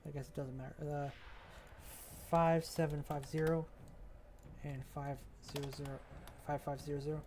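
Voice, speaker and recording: A man's voice: on the high side, little pitch movement, moderate pace, long pauses, darkish tone, slight background noise. Man muttering while building a game map. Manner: mutters and thinks aloud, trailing off. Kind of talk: casual commentary while working.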